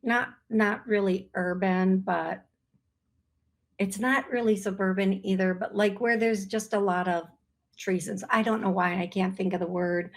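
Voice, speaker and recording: A woman's voice: mid-range voice, steady tone, unhurried. A woman hosting a call-in psychic radio show, talking in a searching, earnest, often apologetic way. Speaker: psychic medium radio host.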